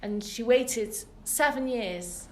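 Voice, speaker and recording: Speaking slowly in a fairly high, somewhat mellow voice, this British woman teaches a women's Torah class and tells the story to a live audience with earnest emphasis. She is a religious teacher with a British English accent. There's a slight hiss or hum, and the room echoes.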